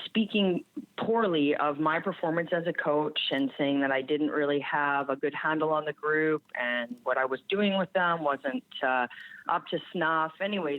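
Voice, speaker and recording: A woman's voice: deep voice, dry recording. A woman from Canada, a strength coach, telling a story in a candid, plain-spoken and reflective way in a podcast interview. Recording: tinny phone-like remote line.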